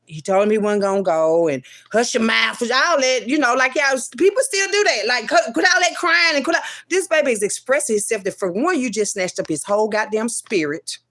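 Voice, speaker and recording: A woman telling an emotional personal story as a mother, profane and emphatic, swinging between loud outbursts and low murmurs with many repeated refusals. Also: lively intonation, fairly quick, few pauses.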